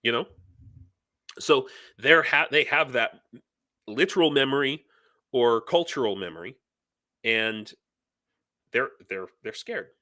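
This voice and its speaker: A man hosting a live news stream, talking in a heated, ranting way and reading viewer comments aloud. His voice is bright and forceful. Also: mid-range voice, lively intonation, slow pace, long pauses. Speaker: livestream news host.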